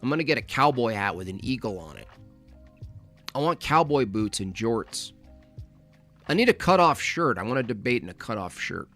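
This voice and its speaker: A man hosting a casual livestream, reading out donations and making animated, teasing, mock-scolding asides. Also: medium pitch, normal speed, pauses often, faint music behind.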